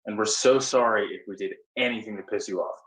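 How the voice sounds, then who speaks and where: A man playing a conciliatory fellow actor who hesitantly tries to calm down an angry castmate. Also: on the low side, fast, crowd noise, close to an everyday voice. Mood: placating. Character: placating fellow actor Cliff, soothing the group. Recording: roomy echo, distant from the mic.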